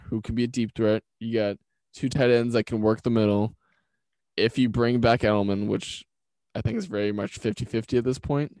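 Blunt man with a gravelly voice. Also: medium pitch, a little mellow, dry recording. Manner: blunt, opinionated. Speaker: podcast co-host. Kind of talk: casual sports chat.

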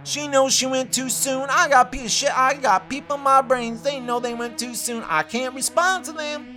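A woman hosting her own show, delivering a rambling, excitable comedic rant and repeating herself. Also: high voice, moderate pace, soft background music. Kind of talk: comedic ranting monologue.

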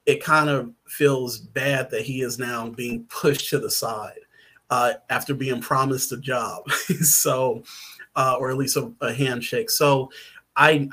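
A man's voice: mid-range voice, bright, forceful tone. A man, a writer guest on a podcast, talking casually in a rambling, hesitant way with many fillers and restarts.

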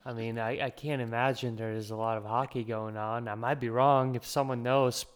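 A man's voice: mid-range voice, fairly even intonation, normal speed, clean tone. A man in casual podcast chat, laid-back and stammering a little as he starts sentences. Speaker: podcast co-host.

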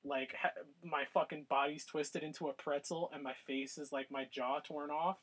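A man's voice: fairly high pitch, normal speed, husky, poor audio. A man co-hosting a podcast, chatting casually, telling crude stories and laughing often. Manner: crude, laughing, animated storytelling. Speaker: podcast co-host. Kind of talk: casual chat.

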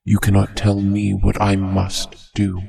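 A storyteller voicing an ancient, huge serpent-faced monster god, speaking slowly in a deep, gravelly, mocking tone. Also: completely flat delivery, mellow, exaggerated voice. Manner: slow, menacing, mocking. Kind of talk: storybook reading.

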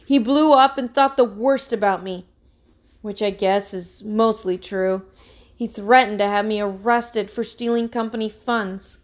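A woman's voice: mid-range voice, measured pace, lightly acted. A woman voicing an anxious young man, a musician accused of theft, who speaks in an earnest, pleading way in a read-aloud story.

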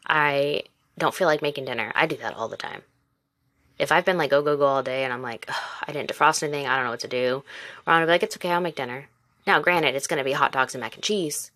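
A woman's voice: deep voice, a bit bright, no echo. A woman in her twenties hosting a casual solo podcast, talking candidly and encouragingly straight to the listener. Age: 20s. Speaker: podcast host; mother and former teacher.

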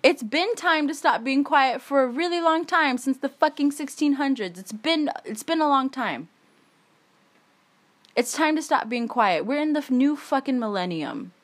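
Angry, emphatic and swearing a lot, a weary woman runs her solo podcast in a high, animated voice. She talks at a moderate pace.

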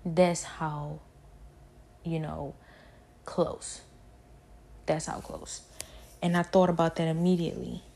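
A woman giving a spoken personal testimony, halting and repetitive, with many fillers. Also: low-pitched, level tone, gravelly, warm tone.

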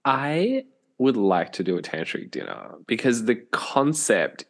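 A man's voice: medium pitch, sing-song, measured pace. A man co-hosting a podcast, chatting casually and dropping dry, wry remarks. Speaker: podcast co-host. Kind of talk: casual chat.

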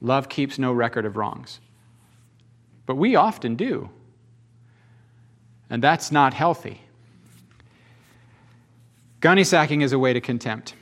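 A man's voice: mid-range voice, lively intonation, slow, pauses often. A man preaching a sermon in a folksy, conversational way, often asking the congregation rhetorical questions. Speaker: pastor.

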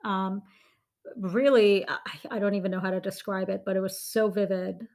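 A woman's voice: mid-range voice, fairly even intonation, normal speed, darkish tone. A woman in her forties, a podcast co-host, telling a vivid dream story in casual chat, with frequent ums and restarts.

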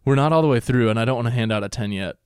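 A man's voice: mid-range voice, rapid-fire, darkish tone, clear, resonant tone, no echo, studio quality. A man co-hosting a casual podcast, laughing often and reading out definitions of old insults. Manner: laughs often, says "dude", reads out definitions. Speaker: podcast co-host. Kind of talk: casual chat.

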